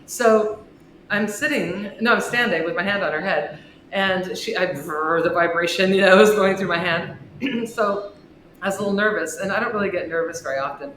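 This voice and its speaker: Expressive woman telling a story, echoey room. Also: brisk. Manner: expressive storyteller with wide swings in pitch and loudness. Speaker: podcast guest, author and shop owner. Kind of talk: telling a personal ghost story in an interview. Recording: echoey room with faint noise.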